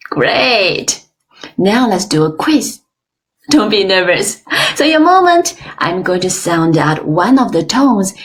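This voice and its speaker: A woman teaching an online language class, modeling sounds slowly and with exaggerated tones, praising often. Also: on the low side. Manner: slow, careful, exaggerated tone demonstrations; encouraging, frequent praise. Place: online webinar.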